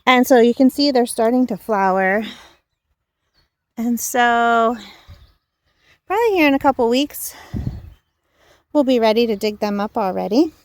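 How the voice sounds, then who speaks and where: A woman's voice: on the high side, unhurried, pauses often, no room sound. A young woman gives a casual, rambling tour of her backyard garden while filming on a handheld phone, a little out of breath and full of fillers and self-corrections. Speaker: home gardener and channel host.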